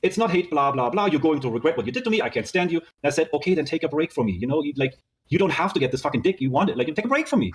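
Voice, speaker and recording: A man with a high voice talking at a very fast clip. He reads out an old text-message argument line by line, narrating who said what. He swears freely between the messages. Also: sing-song. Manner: rapid reading aloud, swearing, narrating "she says, I said". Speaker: guest reading out his text messages. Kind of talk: fast recounting of a dispute.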